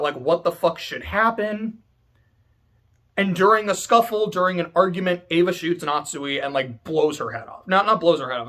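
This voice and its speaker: Host, male, casual rant, profane and rambling, slightly high voice. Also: a bit bright. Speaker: video host.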